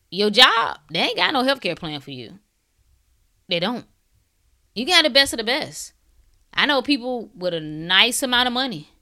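A woman's voice: medium pitch, creaky, pushed and bright. A woman in a casual monologue, blunt and preachy, firing off sarcastic rhetorical questions in slangy talk.

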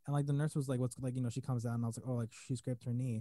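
Man, podcast co-host, rambling storyteller, fast, mellow, dry. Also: mid-range voice, little pitch movement, no echo. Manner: rambling, many fillers and restarts. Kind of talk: casual storytelling.

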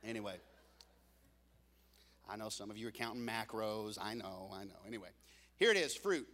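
A man preaching a sermon as pastor, telling the story with joking asides and swinging from loud peaks to hushed lows. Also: moderate pace, big-room sound.

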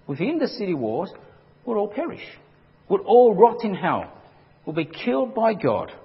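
Guy preaching a sermon, husky voice, pitch all over the place, long reverb, kinda muffled. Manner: emphatic, dramatic preaching with acted-out quotes. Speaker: pastor. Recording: dull lo-fi recording with long hall reverb.

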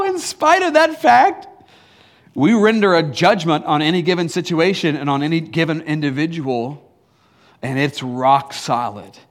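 A man preaching a conversational sermon, casual and teasing, with many fillers, restarts and chuckling asides. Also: on the high side. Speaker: pastor.

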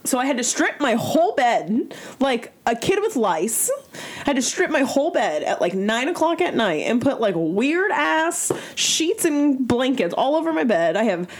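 A woman co-hosting a casual chat, telling a story in a chatty, expressive way and swearing casually. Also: high-pitched, moderate pace. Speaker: podcast co-host.

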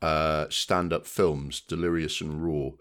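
Very low-voiced man chatting. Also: steady tone, slow pace, fairly bright tone. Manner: chatty, frequent "do you know what I mean". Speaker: podcast co-host. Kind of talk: casual chat.

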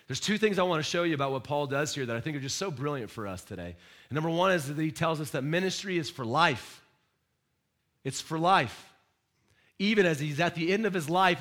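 A man preaching a sermon as pastor, emphatic, with direct questions to the congregation and sudden rises and soft drops. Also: fairly high pitch.

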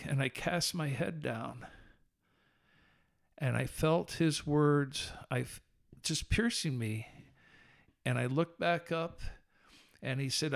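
A man telling an earnest personal faith story as a podcast guest, animated and shifting between slow solemn passages and quick telling. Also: a little high, vocal fry.

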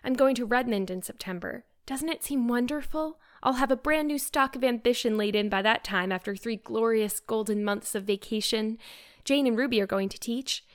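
A woman's voice: on the high side, normal speed, lightly acted. A woman voicing an eager, dreamy teenage girl in a storybook reading, earnest and effusive. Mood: joyful. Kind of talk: audiobook character reading.

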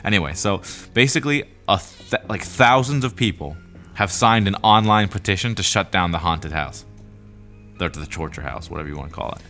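Low-voiced rambling male podcast host. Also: lively intonation, brisk, bright, forceful tone, faint music behind. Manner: filler-heavy, rambling, laughs easily. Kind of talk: casual chat.

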